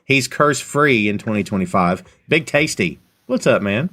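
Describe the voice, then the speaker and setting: A middle-aged man hosting a casual podcast. His pitch swings widely and jumps up when he gets excited, so the delivery stays animated. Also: moderate pace. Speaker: podcast host.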